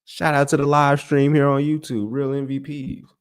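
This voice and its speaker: A young man hosting a casual sports livestream, talking straight to his chat in an animated, exasperated way. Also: medium pitch, moderate pace, clear, resonant tone. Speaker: sports podcast host.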